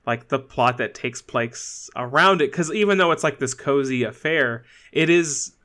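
Bright-voiced chatty man. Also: mid-range voice. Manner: chatty, many fillers and restarts, quick laughs. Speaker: podcast co-host. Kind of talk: casual chat.

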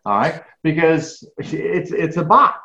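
A man's voice: fairly high pitch, animated, slow, creaky, pushed and bright. A middle-aged man speaking as an interview guest, emphatic and full of restarts and repeated words. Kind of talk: conversational interview. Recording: echoey, dull lo-fi sound.

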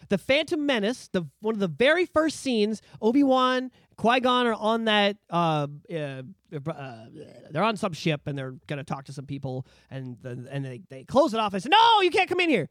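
Male podcast co-host with a lively swinging voice, swears freely and rants with gusto, dry close-mic sound. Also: sits high, no echo. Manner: animated, profane ranting. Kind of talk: casual chat.

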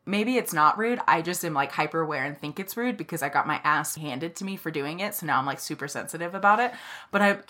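Bright-voiced young woman telling a story. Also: sits low, lively intonation, quick pace. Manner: laughs often, swears casually. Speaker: podcast co-host. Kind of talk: casual storytelling chat.

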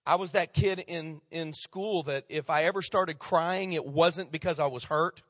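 Pastor in his fifties, folksy storyteller, slightly high voice, preaching in a church with long reverb. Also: a little slow, fairly bright tone, studio quality. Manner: folksy storytelling with repeated restarts. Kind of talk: sermon. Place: church sanctuary.

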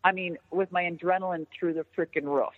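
A woman telling a story in casual chat, animated and profane, often jumping into an excited high voice. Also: a little fast. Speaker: podcast guest. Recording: tinny phone-line sound with long reverb.

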